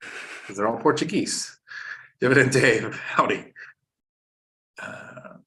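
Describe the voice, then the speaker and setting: Taking it slowly in a medium-pitched, slightly bright voice, the host of a finance livestream teaches step by step. Along the way he jokes around and reads out messages from the viewer chat.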